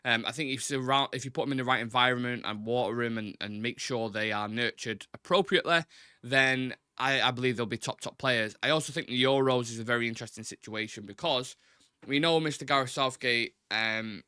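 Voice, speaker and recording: A man's voice: medium pitch, brisk, sharp tone, smooth, no room sound, studio quality. A young man hosting a casual football chat show, talking loosely and swearing often. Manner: chatty, swears a lot, gets flustered with tech. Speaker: football podcast host.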